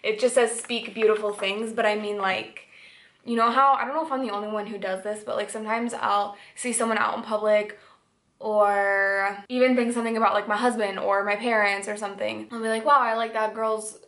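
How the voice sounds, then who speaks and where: Young woman vlogger with a faint Upper Michigan lilt, a touch of vocal fry, loose and chatty to camera at home. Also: medium pitch, steady tone, fairly quick, a bit bright. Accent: slight Upper Michigan. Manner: chatty, rambling, many "like" fillers. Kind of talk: casual chat to camera. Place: indoors at home. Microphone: camera mic.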